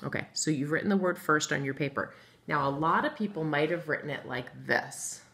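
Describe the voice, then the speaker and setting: In a recorded remote phonics lesson for first graders, a woman speaks a little fast in a low, creaky voice with a fairly bright tone. She is patient and encouraging, writing each word on a board while spelling it out letter by letter.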